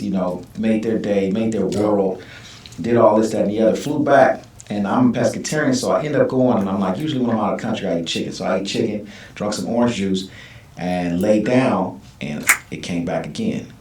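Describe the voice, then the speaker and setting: A man telling a long personal story in a casual interview, lively, and acting out the other people's lines in his own voice. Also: fairly low pitch, fairly quick, slight background noise. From Southern California. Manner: animated storytelling, acts out quoted voices. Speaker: guest. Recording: echoey room, mic at a distance.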